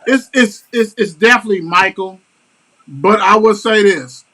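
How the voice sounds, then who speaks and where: Bright-voiced, slangy male host. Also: high voice, normal speed. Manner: blunt, slangy and emphatic, with frequent profanity. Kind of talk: casual sports-talk chat.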